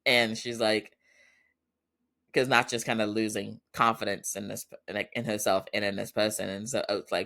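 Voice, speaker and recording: A man's voice: lowish voice, flat delivery, moderate pace, vocal fry, sharp tone. A man hosting a podcast, recapping a TV drama in a casual, chatty way with frequent laughter. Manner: chatty, laughs often, loose storytelling with fillers. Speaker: podcast host.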